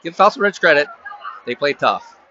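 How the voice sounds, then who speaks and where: A man doing casual play-by-play for a high school football game at the stadium, chatty and rambling, with joking asides to friends. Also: very animated, moderate pace, bright, forceful tone, a little hiss or hum. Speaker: play-by-play announcer. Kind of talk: casual local sports commentary. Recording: dull lo-fi sound with faint crowd ambience.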